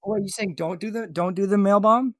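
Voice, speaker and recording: A man hosting a comedy podcast, goofy and flustered, his voice jumping up high when he panics. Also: brisk, a bit bright, no room sound, clean studio sound. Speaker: podcast host. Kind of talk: comedic casual chat.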